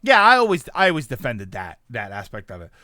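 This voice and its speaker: A man in his thirties talking casually on a stream, rambling and animated, reacting to chat. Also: mid-range voice, a little fast, no echo, clean studio sound.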